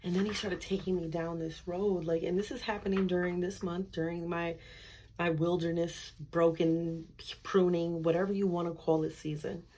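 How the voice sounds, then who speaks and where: A woman speaks in a low register with a breathy, husky edge. She tells her faith story candidly and conversationally, slipping into her own back-and-forth exchanges with God. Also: flat delivery, moderate pace, warm tone. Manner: candid, conversational, acts out inner dialogue with God. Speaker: speaker sharing a faith testimony. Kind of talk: personal faith testimony.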